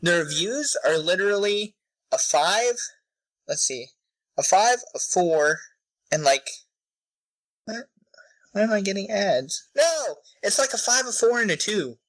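Young dude on a podcast, kinda high voice, reacts all animated and disbelieving. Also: male voice, unhurried, long pauses, no echo, rough recording. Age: young adult. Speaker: podcast co-host. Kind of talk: casual chat.

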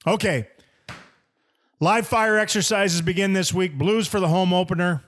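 A man's voice: sits high, moderate pace, fairly bright tone. A man co-hosting a sports podcast, chatting casually and playfully with frequent repeated words. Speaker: podcast co-host. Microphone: studio headphones and mic.

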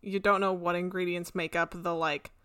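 A woman's voice: on the low side, little pitch movement, normal speed, bright, forceful tone, clear, resonant tone. A woman co-hosting a podcast, chatting in an easygoing way with many fillers. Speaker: podcast co-host. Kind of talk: casual podcast chat.

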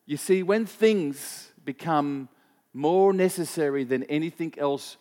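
This male pastor's voice sits a little high and sounds mellow, and he takes his time. His sermon is casual in tone, built on personal anecdotes and questions to the congregation, with frequent repetition and filler words.

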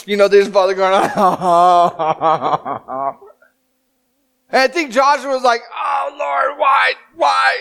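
A man in his thirties preaching a sermon as pastor, telling the story with animated, dramatic acted-out quotes. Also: very high voice, smooth.

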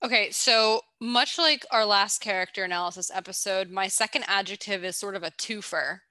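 A podcast co-host with a bright, forceful, medium-pitched voice works through a character analysis in casual chat, playful and a bit teasing, at a moderate pace. The sound is dry and close, with no echo or room around it.

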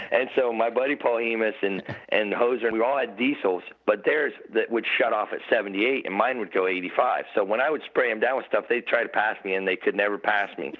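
A middle-aged man, a podcast guest, telling rambling, laughing stories about the old days with lots of restarts. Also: fairly low pitch. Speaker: podcast guest, former motorcycle racer. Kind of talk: casual storytelling chat. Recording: tinny phone-like audio.

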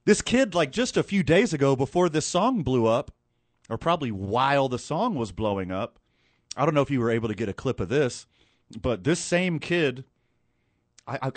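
A man hosts a podcast in a loose, casual way, joking around and trailing off into asides, his manner animated. His pitch swings widely, and he talks at a normal speed. The audio is close and dry, with no echo or room sound.

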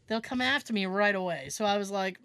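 A woman co-hosting a podcast in casual chat, acting out quotes in an animated way. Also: medium pitch, fairly quick, clean tone, no room sound. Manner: animated, acts out quotes in voices. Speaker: podcast co-host.

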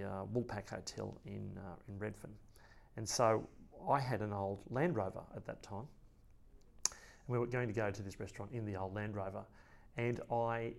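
An Australian man in a podcast interview, telling a rambling, lively story about a friend, with many restarts and acted-out quotes. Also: fairly low pitch, gravelly. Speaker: friend and colleague of the late cartoonist.

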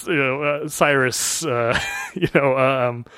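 A man co-hosting a casual movie review chat, animated and full of quick asides. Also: medium pitch, smooth, no room sound. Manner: animated, quick asides, lots of fillers and impressions. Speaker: podcast co-host.

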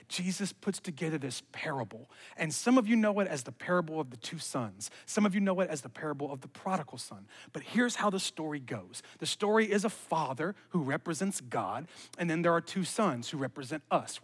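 A man's voice: high voice, fairly bright tone, husky, big-room sound. A male pastor giving a conversational sermon, emphatic and repeating his key phrases with chatty asides.

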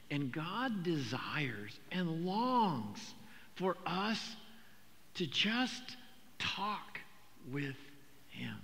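An older man preaching a sermon, talking in a conversational, animated storytelling way with frequent repetitions. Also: fairly high pitch, extremely slow, vocal fry. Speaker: pastor. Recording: long hall reverb.

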